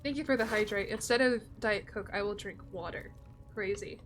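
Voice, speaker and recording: A woman's voice: mid-range voice, moderate pace, soft background music. A young woman streaming a game, chatting casually with her viewers and swearing freely. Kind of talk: casual gameplay commentary.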